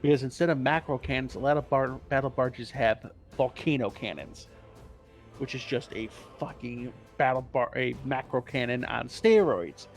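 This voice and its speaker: A man in a mid-pitched voice talks through game lore on a laid-back podcast. He rambles, swears freely and stops to correct himself. Faint music plays underneath. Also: normal speed. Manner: rambling, profane, self-correcting. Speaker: co-host explaining game lore. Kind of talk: casual podcast chat.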